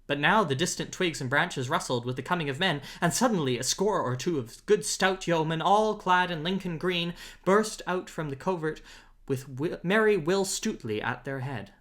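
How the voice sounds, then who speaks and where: Man reading an old adventure tale. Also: fairly high pitch. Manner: steady, measured, old-fashioned prose. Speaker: audiobook reader. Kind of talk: storybook narration.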